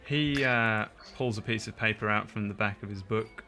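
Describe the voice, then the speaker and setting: A man narrating as game master of a tabletop game, in a relaxed, halting way. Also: lowish voice, soft background music.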